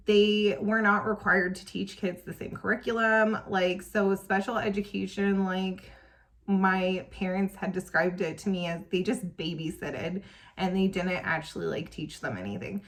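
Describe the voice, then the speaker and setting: A young woman, a parent vlogger, tells a personal story in a medium-pitched, slightly bright voice at a measured pace. She is emotional and tearful at times, her speech full of fillers like "um" and "like."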